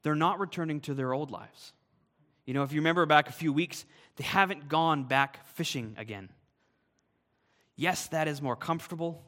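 A man's voice: on the high side, normal speed, a bit bright, in a large hall. A man, a pastor, preaching a sermon with earnest, emphatic delivery.

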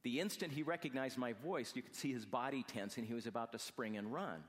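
A man telling an emotional personal story, speaking quietly and slowly, softening to a hush at tender moments. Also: medium pitch, big-room sound.

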